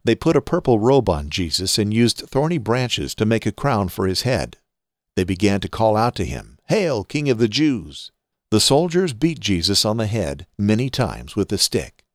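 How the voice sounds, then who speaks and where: Expressive low-voiced man reading scripture. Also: no echo, clean studio sound. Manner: reads scripture aloud in a measured, expressive way. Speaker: podcast host. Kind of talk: Bible reading podcast. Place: home studio.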